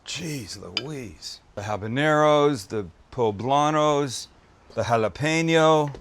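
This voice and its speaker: A man's voice: medium pitch, lively intonation, slow, fairly bright tone. A man hosting a casual cooking show. He gushes over the food with exclamations and chats with his crew as he builds a dish. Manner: gushing, exclamatory praise of food; chatty asides to crew.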